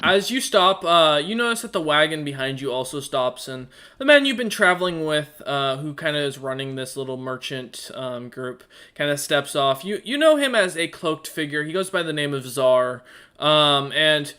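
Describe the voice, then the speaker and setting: A man narrating a tabletop game as game master in a casual, halting way, full of ums and uhs. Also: a little high, lively intonation, pushed and bright, clear, resonant tone.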